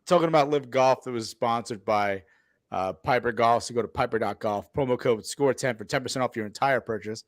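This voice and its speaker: A man's voice: mid-range voice, a little fast, no room sound. A man hosting a sports podcast, steering the casual chat and reading ad plugs between segments. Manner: steers the show, reads ad plugs. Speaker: podcast host.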